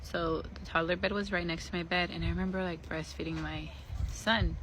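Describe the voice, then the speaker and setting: Her voice sits on the low side, with fairly even intonation, a moderate pace, and a fairly bright tone. She's a young woman sharing a candid storytime vlog, cursing openly and filling gaps with "like" and "you know." Slight background noise and low recording quality come through.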